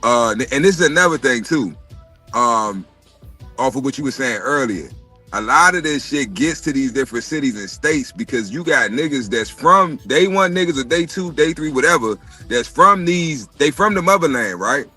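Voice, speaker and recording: A man's voice: medium pitch, animated, normal speed, sharp tone, soft background music. A man joining a casual livestream chat as a guest, laid-back and agreeable, explaining his points at length. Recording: robotic, glitchy remote audio.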